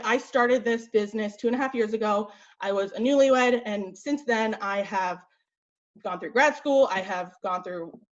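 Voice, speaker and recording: A woman's voice: fairly high pitch, highs cut off. A young woman leading a motivational team call as a fitness coach, talking bluntly and chattily, a little out of breath. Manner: blunt, chatty, quick with fillers. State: slightly out of breath.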